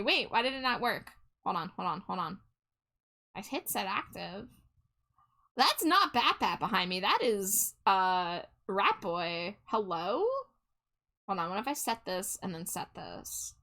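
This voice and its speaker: A woman's voice: medium pitch, animated, unhurried, sharp tone. A woman streamer chatting casually with her viewers while she draws, reading their messages aloud and laughing often.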